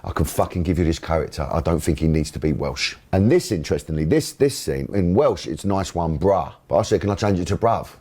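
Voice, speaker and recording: A man's voice: low-pitched, lively intonation, fast talker, few pauses, darkish tone. A middle-aged man, telling candid interview anecdotes in a blunt, open way, swearing freely. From England. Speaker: actor interviewee.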